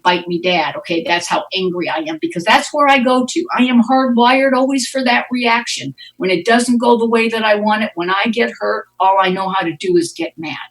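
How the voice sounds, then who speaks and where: A woman's voice: medium pitch, fairly bright tone. Frank, wry woman telling her story from far off. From United States. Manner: frank, wry storyteller who acts out quoted voices. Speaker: Al-Anon speaker. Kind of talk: recovery meeting share, storytelling. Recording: distant mic, online conference audio.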